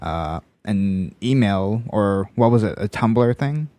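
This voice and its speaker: Canadian male podcast host, low-pitched and easygoing, dry close recording. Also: lively intonation, takes it slowly, warm tone, no echo. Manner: easygoing, leads the talk. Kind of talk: casual chat.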